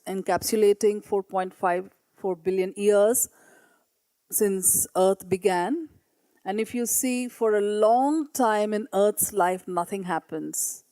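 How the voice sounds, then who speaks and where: With a clean, dark, mid-range voice and no echo, a woman teacher stands in a meeting room presenting her class's work at a conference. She reads the children's writing aloud in an earnest, tentative way.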